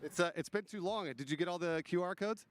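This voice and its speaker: A man's voice: sits high, fast, slight background noise. A man co-hosting an event stream, bantering playfully and teasing the guests. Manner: teasing and chatty.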